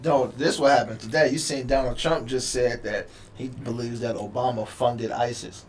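A man co-hosting a podcast in casual comedic chat, with laid-back deadpan jokes. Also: mid-range voice, normal speed. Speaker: podcast co-host.

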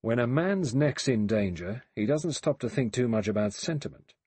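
A man voicing a blunt, cynical male ex-policeman who talks in a rough, scornful, matter-of-fact way. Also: mid-range voice, lively intonation, normal speed, darkish tone, no room sound.

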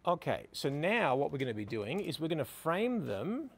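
A man with a slightly higher voice than most men leads a photo shoot outdoors beside a building. He is middle-aged and coaxes his models with constant praise. His tone stays upbeat and encouraging as he explains each step. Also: sing-song, normal speed, vocal fry, few pauses, husky. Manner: upbeat, coaxing, lots of praise. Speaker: photography instructor. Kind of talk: on-location teaching, directing models.

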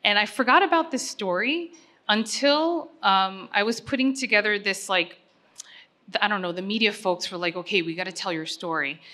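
A woman's voice: medium pitch, normal speed, bright, forceful tone. A middle-aged woman giving a personal acceptance speech at a gala, talking earnestly and conversationally with frequent fillers.

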